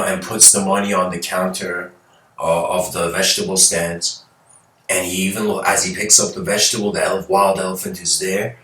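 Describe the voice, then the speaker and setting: A man's voice: sits low, pushed and bright. A man giving a casual spiritual lecture, telling a story in a loose, conversational way with frequent asides. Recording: roomy, distant mic.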